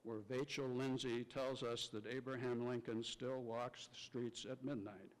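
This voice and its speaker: Man, mid-pitched, stately formal speaker; hall reverb. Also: steady tone. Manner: measured and stately. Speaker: ceremony speaker. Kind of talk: formal ceremonial narration. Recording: large hall with long reverb.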